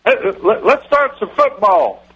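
A man voicing a dim, rambling football coach who talks in a slow, dopey drawl. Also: very high voice, animated, a bit bright, slightly rough, muffled recording, exaggerated voice. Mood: goofy. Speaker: impression on a radio comedy bit.

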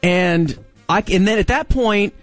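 A man in his forties telling a story in casual chat, acting out the quotes with big jumps in pitch. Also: measured pace, no echo, faint music behind.

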